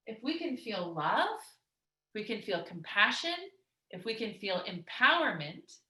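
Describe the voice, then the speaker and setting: A woman weight loss coach giving an energetic, emphatic motivational talk, chatty with lots of restarts. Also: on the high side, slow. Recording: roomy echo.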